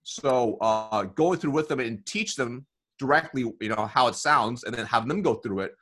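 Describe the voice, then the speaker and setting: A man being interviewed as a sales coach, explaining in an energetic conversational way, often checking in with "right?" and "you know". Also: medium pitch, moderate pace.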